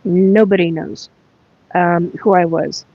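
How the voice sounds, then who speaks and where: A woman hosting a casual spiritual livestream, talking in a halting, rambling way with many fillers and asides to viewers, her voice a little cracked. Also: fairly even intonation, vocal fry, breathy edge. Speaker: livestream host. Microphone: earphone mic plugged in. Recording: dull lo-fi livestream audio with faint rumble.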